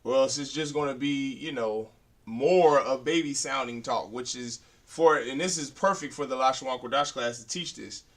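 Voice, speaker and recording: At a whiteboard, a man leads a beginner language class, breaking words into syllables and repeating them while he writes. His voice is medium-pitched and his speed is normal.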